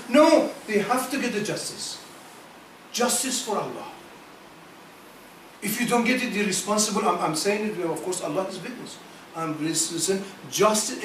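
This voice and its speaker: A high-voiced man gives an impassioned speech to a gathering of scholars in broken, non-native English. He keeps repeating phrases and firing rhetorical questions, and breaks into rapid Quranic verses in Arabic. He sounds distant, with the roomy echo of a meeting hall. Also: expressive, a bit bright, a little hiss or hum. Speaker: speaker addressing a gathering of Islamic scholars. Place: meeting hall at a community centre. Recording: echoey hall, voice from far off.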